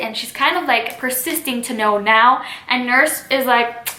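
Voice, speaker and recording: A young woman teacher talks through a play in a chatty, casual way, leaning on "kind of" and "like". Her voice sits high and sounds bright. The room around her gives an echoey ring. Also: a little slow. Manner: chatty, with fillers such as "kind of" and "like". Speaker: literature teacher. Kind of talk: casual classroom explanation.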